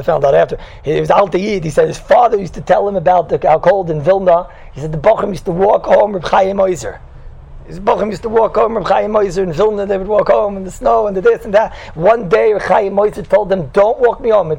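A man's voice: sits high, vocal fry, darkish tone, breathy edge, low-quality recording. A man teaching a Torah class to a live group in a teasing, conversational way, telling stories and constantly checking in with "right?". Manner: tells stories, mixes in Hebrew and Yiddish terms.

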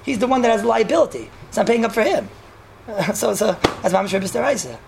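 A woman teaching an informal class on Jewish law to a live group. She talks conversationally, keeps checking in with "right?", and restates points to make them clear. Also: fairly high pitch, lively intonation, brisk, background noise. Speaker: religious teacher.

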